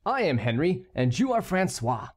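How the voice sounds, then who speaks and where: A man's voice: high-pitched, very animated, moderate pace, voice pushed up. A man voicing a witty, mocking male court jester in a storybook reading, with a teasing, playful delivery.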